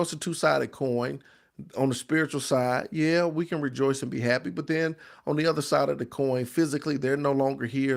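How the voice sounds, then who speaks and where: A man with a mid-range, creaky voice hosts a grief support show as a live stream. He reads viewer comments aloud and answers them in an emphatic, preacherly, repetitive way.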